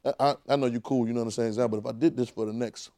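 A man's voice: mid-range voice, steady tone, racing, warm tone, dry recording, studio quality. A man preaching a sermon in a conversational, vernacular way, with frequent restarts and call-and-response with the congregation.

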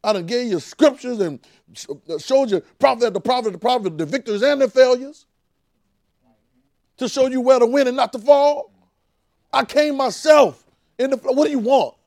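A man's voice: very high-pitched, a little slow, gravelly, breathy edge, dry recording, studio quality, pitched above the performer's own voice, heavily acted. A man voicing Jesus, exasperated and scolding a believer with pleading, insistent repetition.

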